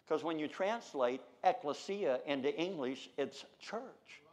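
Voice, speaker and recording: An American man preaching a sermon, swinging between loud shouted declarations and low, quiet asides. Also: animated, unhurried.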